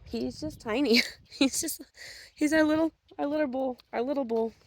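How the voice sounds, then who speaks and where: A woman's voice: high-pitched, normal speed. Chatty young woman vlogging on a farm. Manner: chatty, rambling, affectionate to animals. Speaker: farm owner. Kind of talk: casual farm vlog. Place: outdoors on a farm.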